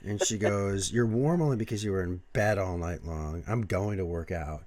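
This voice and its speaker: A man's voice: deep voice, moderate pace, darkish tone, dry recording. A man with a cough and a cold, co-hosting a podcast and telling a mock-dramatic story about his day. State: sick with a cough, congested. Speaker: podcast co-host. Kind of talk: casual couple banter.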